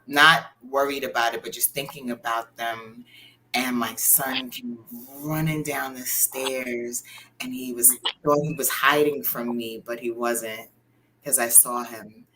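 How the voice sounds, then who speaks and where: A woman's voice: rumbling low, steady tone, unhurried, sharp tone, a little hiss or hum, poor audio. A woman on a talk show panel telling a short personal story in a reflective, heartfelt chat.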